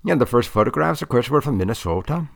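Rambly guy going on and on, gravelly voice, repeats himself a lot. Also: mid-range voice, lively intonation, fast talker. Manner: rambling, repetitive, full of restarts. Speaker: debate coach. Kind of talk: rambling comic monologue.

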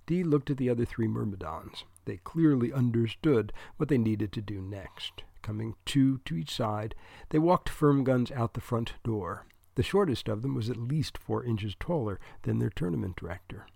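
A male narrator reads a comic story with a wry, deadpan humor and small asides to the listener. His voice sits at an ordinary middle pitch. The recording is very dry and close, with no room sound. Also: normal speed, gravelly, husky, dry recording. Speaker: audiobook narrator.

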